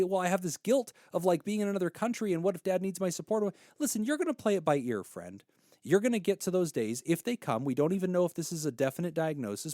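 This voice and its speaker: A man's voice: on the high side, a little mellow, no room sound, clean studio sound. A man in his thirties hosting an advice podcast, telling stories and giving counsel in an earnest, heartfelt way.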